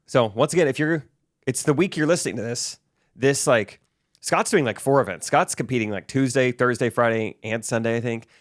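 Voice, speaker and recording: A man co-hosting a podcast in relaxed, casual chat. He mentions sponsors offhandedly and keeps a steady, mid-range pitch. The recording is dry and close, with no room sound. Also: brisk, dry recording. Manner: easygoing, reads sponsor plugs offhand. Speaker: podcast co-host.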